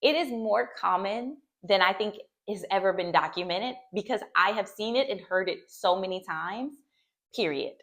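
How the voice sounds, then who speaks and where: A woman's voice: medium pitch, moderate pace, fairly bright tone. A woman speaking as a therapist and mother, giving earnest, reassuring advice to camera and often checking in with "okay?". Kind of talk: heartfelt talk to camera.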